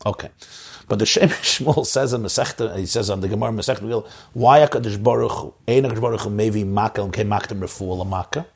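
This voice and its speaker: Gravelly, impassioned rabbi giving a talk. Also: male voice, fast talker. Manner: impassioned, with big swings up in pitch for emphasis. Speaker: rabbi addressing community leaders. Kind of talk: inspirational Torah talk.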